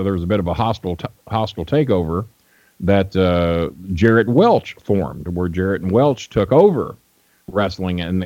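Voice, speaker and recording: A wrestling manager from Louisville, Kentucky, guests on an interview show, telling rambling, profane stories in a casual way. His voice is fairly low and mellow. The recording is muffled but has no echo.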